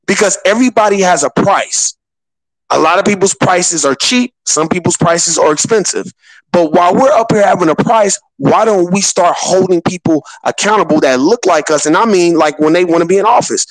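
A man delivers impassioned political commentary in a fairly high voice. He talks in a preachy, colloquial way, piling up rhetorical questions. The sound is dry and close, with no room around it. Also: normal speed, dry recording, rough recording. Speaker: podcast co-host.

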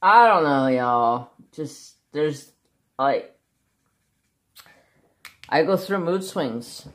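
Very deep-voiced rambling woman vlogger. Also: animated, extremely slow. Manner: rambling, laughs a lot, swears casually. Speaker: craft vlogger. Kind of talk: casual rambling chat.

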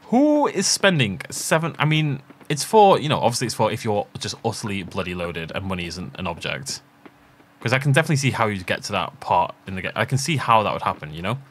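A man's voice: lowish voice, very animated, fast talker, fairly bright tone, slight background noise. A man giving chatty let's play commentary, thinking aloud and laughing often as he plays. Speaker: gaming channel host.

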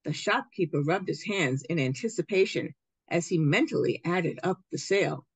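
A children's book author reading her picture book aloud at a library event. Her storytelling is expressive, her low voice slightly breathy and swinging widely in pitch. The sound is close and dry. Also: moderate pace, dry recording.

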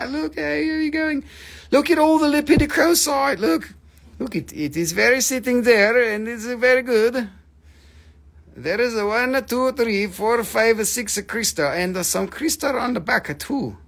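A man's voice: very high voice, completely flat delivery, moderate pace, vocal fry, few pauses, fairly bright tone, voice pushed up, full character voice. A man putting on a haggling foreign-accented rock seller who speaks in broken English and pushes his bargains. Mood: excited.

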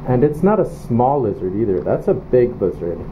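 A woman filming a casual home vlog, chatty and quick to laugh as she talks to the camera. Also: extremely low pitch, very animated, muffled recording, noisy background. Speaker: vlogger filming. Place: home, indoors.

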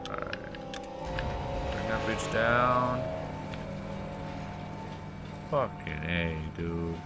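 A man's voice: fairly low pitch, very slow, pauses often, over loud music. A man doing casual commentary over a game playthrough, muttering in exasperation and swearing often. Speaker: gameplay host. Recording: noisy home recording.

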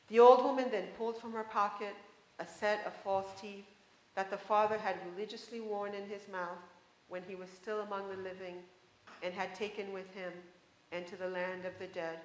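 A woman author giving a public reading of a story in a measured, expressive way, in a college lecture hall. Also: medium pitch.

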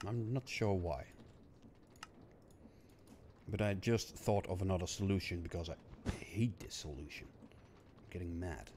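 A man with a hoarse, coughing voice, muttering to himself in casual gameplay commentary and breaking into frustrated outbursts. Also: deep voice, measured pace, long pauses, background noise. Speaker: gaming streamer.

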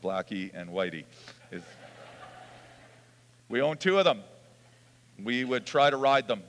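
A man preaches a sermon in a church hall, his mid-pitched voice trailing off into a long reverb. He moves from reading scripture to easygoing storytelling, chuckling and restarting his sentences. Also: animated, measured pace, a bit bright, a little hiss or hum. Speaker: pastor.

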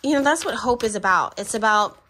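A woman's voice: a little high, expressive, a little fast, pushed and bright, slight background noise. A woman giving a pick-a-card tarot reading, chatty and affectionate, speaking straight to her viewers and laughing between remarks. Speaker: tarot reader.

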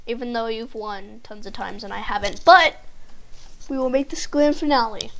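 A young woman chats through a game session with a slightly high voice. She rambles with lots of fillers and breaks into sudden excited yelps as the game turns. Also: fairly quick. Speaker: gaming video host. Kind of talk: casual gameplay commentary.

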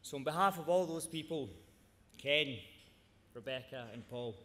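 A man's voice: on the high side, normal speed, pushed and bright. A man giving an earnest, heartfelt tribute speech with cheeky humour. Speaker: award presenter. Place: large ceremony hall. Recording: reverberant hall, faint noise.

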